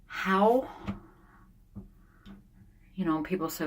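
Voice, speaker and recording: Older woman, low voice, blunt and confessional, casual vlog talk from a sauna. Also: expressive, slow pace, long pauses, husky. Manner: blunt, candid, venting, thinking out loud. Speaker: vlogger.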